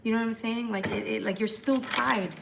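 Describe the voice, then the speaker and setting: A woman's voice: on the high side, steady tone, vocal fry, noisy background. Chatty woman reading tarot live. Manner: chatty, fast, repetitive restarts. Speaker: tarot reader.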